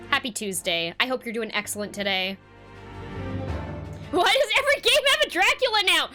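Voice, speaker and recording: A woman's voice: high-pitched, lively intonation, moderate pace, over music. A woman streaming a video game, chatting casually, giggling and swearing freely.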